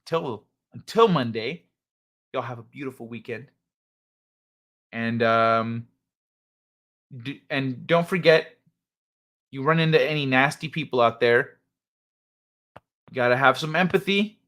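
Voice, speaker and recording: A man's voice: medium pitch, a little slow, pauses often, fairly bright tone. A man hosting a casual late-night livestream, laid-back and chuckling as he reads the chat aloud. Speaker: livestream host.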